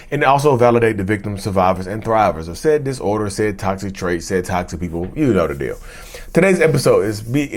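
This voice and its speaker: A man hosting a mental health vlog, talking loosely to his viewers, repeating and restarting phrases and calling them y'all. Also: fairly low pitch. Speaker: mental health vlogger and host. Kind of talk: casual direct-to-camera monologue.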